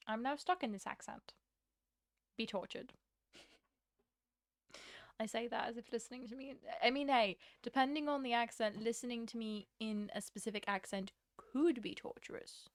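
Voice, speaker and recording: A woman's voice: a little high, moderate pace, long pauses, dry recording. A woman in her twenties chatting casually on a livestream, rambling and self-deprecating, with frequent laughs. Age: 20s. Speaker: streamer.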